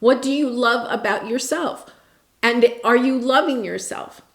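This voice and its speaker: A woman's voice: on the high side, unhurried, fairly bright tone, echoey room. A woman giving a casual, encouraging tarot reading, often checking in with "right?" and "okay?". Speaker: tarot reader.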